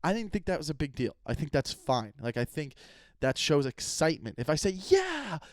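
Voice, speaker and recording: A man's voice: a little high, expressive, fairly quick, dry recording, studio quality. A young man hosting his own podcast, rambling casually with self-mocking humor and frequent cursing. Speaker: podcast host and comedian. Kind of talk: casual solo podcast monologue.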